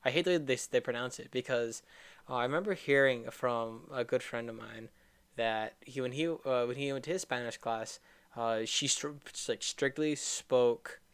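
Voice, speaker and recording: A man's voice: mid-range voice, normal speed, clean tone. A man hosting a casual streamed group chat, rambling with many fillers. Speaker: podcast host.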